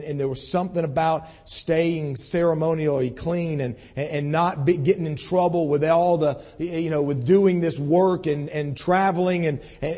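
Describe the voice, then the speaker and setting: A man delivers a conversational sermon, reading scripture and unpacking it in an earnest, storytelling way. His voice is slightly high, soft and husky. Long reverb trails behind him, as in a large church hall. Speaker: pastor.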